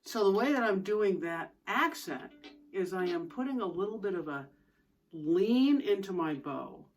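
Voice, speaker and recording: In this fiddle lesson, a female teacher walks through bowing techniques one step at a time, with fiddle playing between explanations. She speaks in a mid-range voice, animated yet unhurried.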